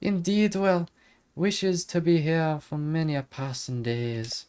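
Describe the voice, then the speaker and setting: A man's voice: fairly high pitch, fairly even intonation, slow pace, a little mellow, clear, resonant tone, voice pushed up. A man voicing a bouncy, ancient female fairy in a put-on Irish accent, with dreamy, garbled, old-fashioned phrasing. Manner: lilting, garbled archaic phrasing.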